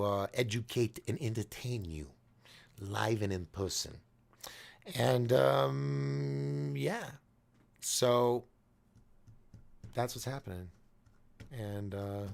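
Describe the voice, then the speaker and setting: A man's voice: on the low side, gravelly. A man hosting a nightly call-in show, talking in a rambling, jokey, casual monologue and often laughing at himself.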